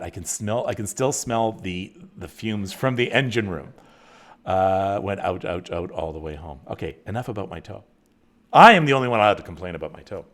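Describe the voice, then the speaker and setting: Middle-aged male host, chatty and self-deprecating, lively swooping delivery. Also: on the low side. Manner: animated, rambling, self-mocking, with frequent restarts. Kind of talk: casual livestream chat with viewers.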